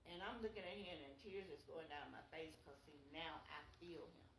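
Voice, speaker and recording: A woman's voice: low voice, normal speed, a bit bright, slight background noise. A woman telling a story in a casual, earnest way, stressing and drawing out her words. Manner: earnest, emphatic, draws out words. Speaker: former nursing aide telling a story. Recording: echoey room, mic at a distance, faint ambience.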